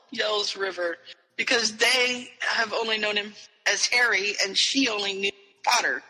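A man's voice: high voice, unhurried, big-room sound, low-quality recording. A man co-hosting a casual podcast, retelling a story and slipping into voices for the characters. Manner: animated, slips into character voices while retelling. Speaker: podcast co-host.

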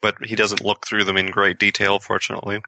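A man co-hosting a casual book discussion, calmly summarizing the plot and adding comments. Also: lowish voice, fast, no echo. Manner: relaxed, summarizes plot, frequent mm-hmms. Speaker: podcast co-host.

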